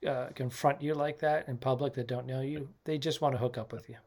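Halting comedian in casual chat. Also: male voice, mid-range voice, steady tone, a little mellow. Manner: halting, many fillers and restarts. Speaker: stand-up comedian, podcast co-host.

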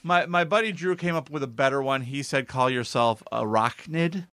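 A man's voice: fairly high pitch, brisk, fairly bright tone, no room sound. A man telling a funny personal story in a casual podcast chat, acting out his own quotes.

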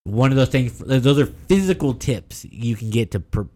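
A man co-hosting a casual podcast chat, telling stories in an animated way with quick asides. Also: mid-range voice. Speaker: podcast co-host.

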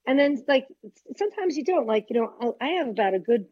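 A woman's voice: on the high side, big pitch swings, fast, darkish tone. An older woman stand-up comic trading brash stories and punchlines in a casual interview. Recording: dull lo-fi sound.

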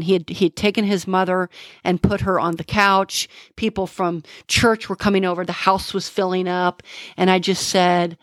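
A middle-aged woman, a homicide detective, telling the story of a case in an interview, halting and emotional, with many restarts. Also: lowish voice, dry recording, clean studio sound.

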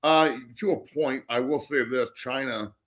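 A man's voice: mid-range voice, a little slow, a bit bright. A middle-aged man ranting bluntly and profanely as a guest on a casual sports talk show. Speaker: guest co-host.

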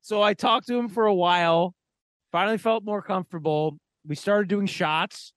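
A man's voice: sits high, normal speed, a bit bright, no room sound. A man co-hosting a podcast, telling a casual, profane, rambling story full of "like" fillers. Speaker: podcast co-host.

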